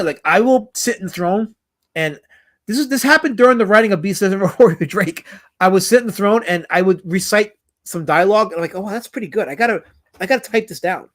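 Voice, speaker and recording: A man's voice: high-pitched, fairly bright tone. A man streaming live as a comic creator, reading out chat comments in a rambling way that is full of stuttered repeats.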